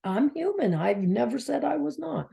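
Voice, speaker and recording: A woman's voice: high voice, big pitch swings, moderate pace, creaky, dark tone. A woman from Maine telling a heartfelt personal story in a rambling way, sometimes dropping to a near whisper. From Maine, United States. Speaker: spiritual coach, channel host.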